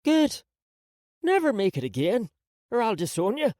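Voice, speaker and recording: A man voicing a sharp-tongued, wry and bossy old grandmother in an audiobook. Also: sits high, wildly swooping pitch, moderate pace, dry recording, studio quality, pitched above the performer's own voice. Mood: teasing.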